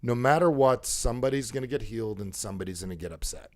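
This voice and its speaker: A man's voice: medium pitch, expressive, quick pace, darkish tone. A man coaching a caller live, emphatic and repetitive, acting out the dialogue he quotes. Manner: emphatic, repeats phrases, acts out quoted dialogue. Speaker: coach and show host.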